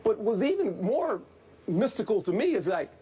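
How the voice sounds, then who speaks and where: A man's voice: sits high, very animated, normal speed, dark tone, breathy edge. A man who is a former football coach, giving plain-spoken, folksy analysis in a sports debate.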